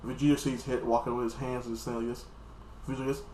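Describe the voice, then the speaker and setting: A man's voice: mid-range voice, little pitch movement, dark tone, echoey room, slight background noise. A man casually recapping an anime episode in a loose, rambling way, often acting out the characters' lines. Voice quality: acts out characters' lines in quick voices. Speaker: anime reviewer.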